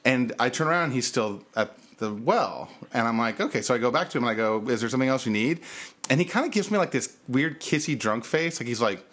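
A young man hosts a casual podcast and tells a long story from behind a bar. He acts out every quote with sudden leaps in his voice. He sounds like an everyday mid-pitched speaker. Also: fast talker. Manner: animated, acts out quotes with big pitch jumps. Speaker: podcast host.

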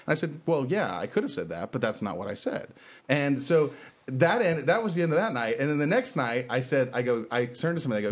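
A man's voice: medium pitch, fast. Laughing, storytelling podcast host man. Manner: animated storyteller, laughs through his punchlines. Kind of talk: casual chat.

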